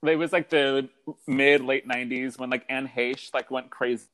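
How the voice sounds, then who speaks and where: A man in loose conversation, tossing out quick jokes and cheering the others on. His voice sits at an ordinary middle pitch. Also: steady tone, a bit bright. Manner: quick, joking banter with frequent agreement. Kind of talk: casual chat.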